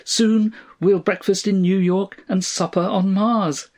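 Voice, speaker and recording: A man voicing an excitable old mother-in-law with a piping, gushing manner. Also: on the high side, measured pace, slightly rough, pitched above the performer's own voice, exaggerated voice.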